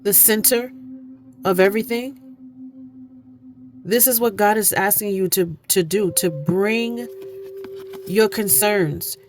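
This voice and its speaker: A woman's voice: mid-range voice, slow pace, long pauses, slight background noise. A woman giving an oracle card reading, earnest and preachy, repeating phrases for emphasis. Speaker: spiritual card reader. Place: indoor room, candles lit.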